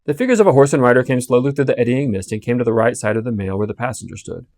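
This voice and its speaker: A man reading a classic novel aloud with expressive storytelling. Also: mid-range voice, very fast, no room sound, studio quality. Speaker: audiobook reader.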